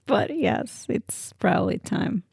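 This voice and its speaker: A woman's voice: mid-range voice, lively intonation, takes it slowly, vocal fry, darkish tone, breathy edge, no room sound, clean studio sound. A woman from Norway co-hosting a podcast in casual chat, bashful and giggly. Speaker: podcast co-host.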